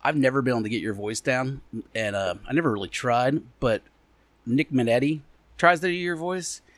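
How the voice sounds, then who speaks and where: A man's voice: medium pitch, moderate pace, fairly bright tone, dry recording. A young man co-hosting a casual talk show, teasing his friend and laughing often. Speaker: podcast co-host. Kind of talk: casual banter. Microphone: video call.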